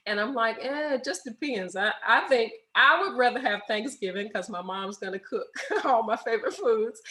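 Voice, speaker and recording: Guest: woman, middle-aged, bright-pitched, animated, laughs easily. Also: normal speed, poor audio. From United States. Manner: animated storyteller, laughs often. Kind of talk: casual interview chat.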